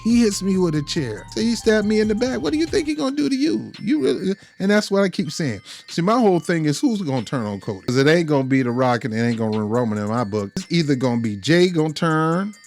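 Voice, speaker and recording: A man reviews wrestling in a loose, casual way, stumbling over and repeating his words as he goes. His voice sits a bit high for a man. Faint background music runs under his talk. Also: expressive, fast talker, few pauses, a little mellow. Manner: rambling, repeats words, informal grammar.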